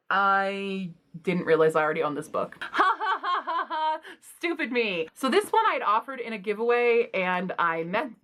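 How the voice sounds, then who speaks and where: A woman's voice: mid-range voice, a bit bright. A woman book vlogger talking casually and bluntly, with self-deprecating asides. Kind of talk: casual book unhaul vlog.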